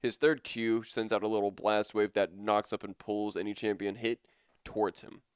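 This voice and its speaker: Young male caster, low clear voice, dry close sound, loose and chatty. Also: flat delivery, moderate pace, no room sound. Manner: casual, rambling, enthusiastic. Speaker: esports caster. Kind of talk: live esports commentary.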